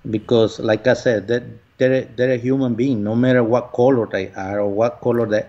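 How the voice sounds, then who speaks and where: An earnest man talks through an interview in a halting way, often pausing on fillers. His voice sits in a middle range. The recording sounds dull and lo-fi. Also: medium pitch, fairly even intonation, warm tone. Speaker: lottery winner guest. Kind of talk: conversational interview.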